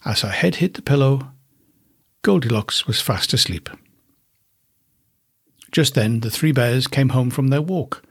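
A man hosts and narrates a children's storybook. His voice is husky and mid-pitched, and his telling is unhurried and lively with pitch. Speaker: podcast host.

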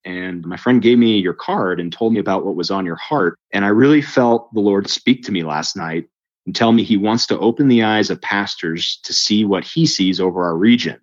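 A man telling his faith story in a conversation, lively, acting out the voices of the people in it. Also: on the low side, a little fast, muffled recording. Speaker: guest telling his testimony. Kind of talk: storytelling interview chat.

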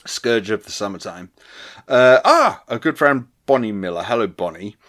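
A man's voice: fairly low pitch, animated, normal speed, a bit bright. A man co-hosting a podcast, reading out listener comments, laughing often, stumbling over restarts and swearing casually. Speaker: podcast co-host.

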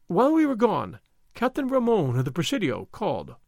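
A man's voice: high-pitched, huge pitch swings, brisk, creaky, darkish tone, dry recording, studio quality, exaggerated voice. A man reading aloud and voicing an anxious older noblewoman, a mother, who speaks in a fussy, emphatic way.

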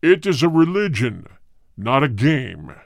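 A man voicing a male spirit who speaks through a medium, with a deep, cold, hard voice and a terse, aloof manner, in an audiobook reading. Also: very animated, moderate pace, no echo, clean studio sound. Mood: cold, solemn.

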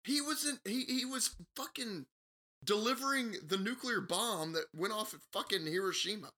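A man's voice: sits high, moderate pace, pushed and bright. A man in casual movie review chat, crude and joking.

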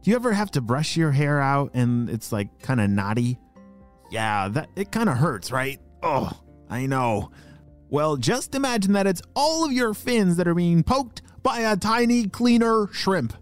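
A man narrating a children's story, animated and talking directly to young listeners with questions. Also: a little high, a little slow, soft background music.

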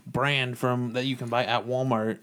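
A laid-back man chatting casually on a podcast, dropping swear words and restarting his sentences as he goes. His voice sits at an ordinary, middle pitch for a man. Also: flat delivery, normal speed, a bit bright.

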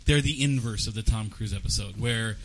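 A man's voice: fairly low pitch, brisk. A man trades blunt, jokey opinions as a podcast co-host. He talks in a loose, casual way. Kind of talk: casual panel chat.

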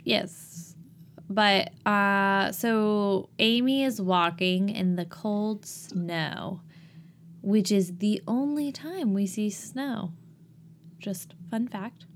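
Woman, co-host, casual chat, playful, self-mocking, mid pitch. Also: drawn-out words. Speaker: podcast co-host.

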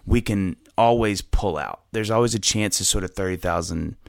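A low-voiced man with a gravelly, fried edge, talking casually as a guest in a dry, close room. He rambles, doubles back on his words and laughs easily. His voice sounds middle-aged and relaxed. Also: moderate pace, no room sound. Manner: rambling, self-interrupting, often laughing. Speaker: podcast guest, musician. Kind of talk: casual conversational interview.

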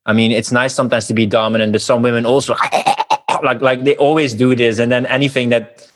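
A man's voice: medium pitch, flat delivery, a little fast. A man hosting a casual podcast interview, asking long, rambling questions.

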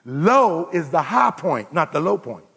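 Preacher man, husky and gravelly, loud then hushed, echoing sanctuary. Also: fairly high pitch, sing-song, a little slow. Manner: preaching with call-outs to the congregation, swinging from loud to hushed. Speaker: pastor. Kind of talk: sermon.

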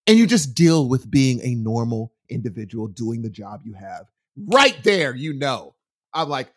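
A man chatting casually, recommending a book in a rambling, animated storytelling way with many restarts. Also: on the high side, measured pace. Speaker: guest sharing a book recommendation. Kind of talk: casual chat. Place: from California.

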